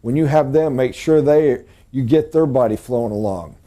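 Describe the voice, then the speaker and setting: Middle-aged male sales coach lecturing a room, animated and emphatic, mellow-toned voice. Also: moderate pace. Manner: animated, emphatic, jumps to high excited pitch for emphasis. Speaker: sales trainer. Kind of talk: live training lecture.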